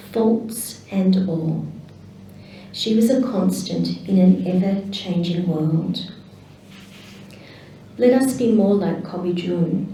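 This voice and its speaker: A woman with an Australian accent, slowly reading tributes as celebrant at a memorial service. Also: medium pitch, warm tone, a little hiss or hum. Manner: slow, measured reading. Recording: very echoey hall, voice from a distance.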